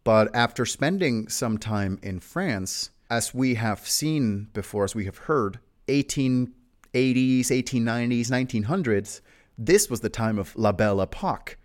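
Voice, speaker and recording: A young man hosts a casual history podcast in a medium-pitched voice with lively intonation and an unhurried pace. He tells the story playfully, teasing and joking along the way.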